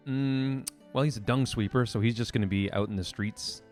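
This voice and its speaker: A man's voice: medium pitch, normal speed, darkish tone, soft background music. A man playing a tabletop game, talking in a rambling, hesitant way with many restarts. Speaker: player.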